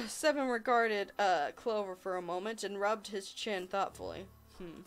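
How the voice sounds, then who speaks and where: A young woman playing a visual novel, reading the text and dialogue aloud with laughing, excited asides. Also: mid-range voice, unhurried, soft background music. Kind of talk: let's play narration.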